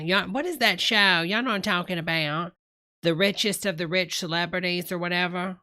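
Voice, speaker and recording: A woman's voice: on the low side, a little fast, pushed and bright. A woman hosting a live stream, chatting casually to her viewers and reacting to clips. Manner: chatty, Southern-style "y'all" and "honey" asides. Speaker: livestream host.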